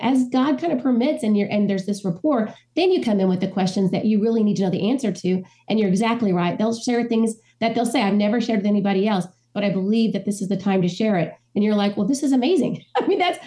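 A middle-aged woman from the Midwest, a ghostwriter telling stories in an interview and acting out the lines of the people in them. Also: mid-range voice. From American Midwest. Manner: animated storyteller, acts out quoted dialogue. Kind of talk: conversational interview.

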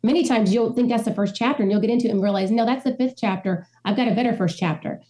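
A middle-aged woman from the American Midwest talks quickly in a relaxed interview. Her voice is mellow and dark rather than bright. She tells animated stories and acts out the voices of the people in them. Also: a little high. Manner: animated storyteller, acts out quoted dialogue. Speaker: ghostwriter, interview guest. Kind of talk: conversational interview.

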